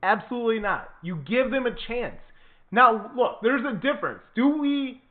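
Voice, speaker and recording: A man's voice: very high voice, animated, moderate pace. A man hosting his own political commentary show, talking in an indignant, emphatic way and repeating words for stress. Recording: tinny phone-like sound.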